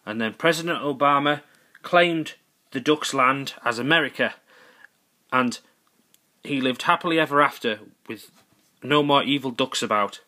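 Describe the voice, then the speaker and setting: A man's voice: mid-range voice, moderate pace, long pauses, bright, forceful tone. A man improvising a goofy, rambling comic story as narrator, correcting himself as he goes.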